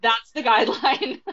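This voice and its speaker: A chatty woman author laughs her way through a casual interview, often trailing off mid-thought. Her voice sits a little high and comes through a dull, lo-fi recording. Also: a bit bright, slight background noise. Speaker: author guest.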